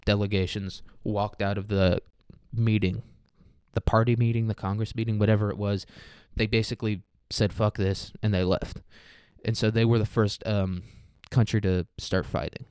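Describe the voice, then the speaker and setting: A man's voice: lowish voice, steady tone, normal speed, darkish tone, clear, resonant tone, no room sound, studio quality. A young man hosting a casual solo podcast, rambling and profane with joking asides and laughs. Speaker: podcast host.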